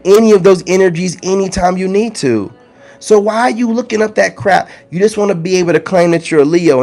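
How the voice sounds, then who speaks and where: Man, fairly high voice, animated, teasing, preachy, casual talk to camera. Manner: animated, preachy, teasing, big pitch swings. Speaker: spiritual content creator.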